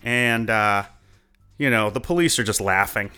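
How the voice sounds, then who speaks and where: A young man telling a personal story in a chatty, animated way, full of likes and uhs. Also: on the low side, a little slow, smooth, soft background music. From United States. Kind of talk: casual first-person storytelling.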